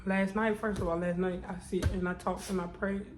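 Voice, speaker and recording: A woman's voice: on the low side, level tone, a little fast, background noise. A tearful woman vlogger talking to her viewers in an emotional confessional vlog, repeating herself in a prayerful, testifying way.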